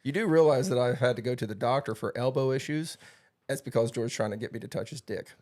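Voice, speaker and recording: A man hosting a casual podcast, rambling through his stories. He steers the talk from one topic to the next. His voice sits at an ordinary middle pitch. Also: fast talker, a loud crowd. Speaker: podcast host. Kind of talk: casual chat.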